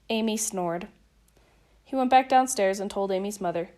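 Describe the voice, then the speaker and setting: A woman reading a children's picture book aloud in a lively, expressive way. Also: mid-range voice, moderate pace, long pauses. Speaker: storybook reader.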